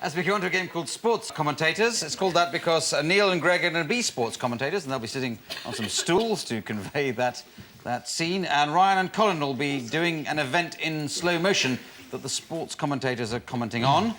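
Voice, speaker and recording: A man with a British accent hosting an improv comedy show, introducing games with halting restarts. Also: fairly high pitch, expressive, fairly bright tone. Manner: halting, with many ums and restarts. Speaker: game show host. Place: television studio with audience. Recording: studio with audience noise.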